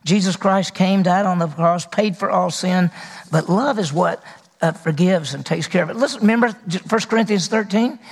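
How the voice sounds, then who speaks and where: A man's voice: high voice, moderate pace, long reverb tail. A man preaching a sermon as pastor, talking in a conversational way and putting questions to his congregation.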